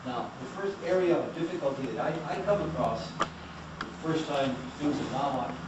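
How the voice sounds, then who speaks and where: A man's voice: medium pitch, expressive, normal speed. A man giving a classroom lecture, explaining patiently and putting questions to the class. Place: lecture room. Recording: very echoey, distant, noisy room recording.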